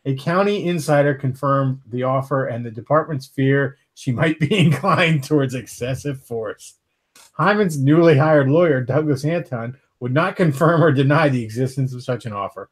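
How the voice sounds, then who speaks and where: A man's voice: mid-range voice, normal speed. An American man hosts a livestream. He reads a news story aloud in a joking, casual way, with laughs slipping in. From United States. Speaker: livestream host.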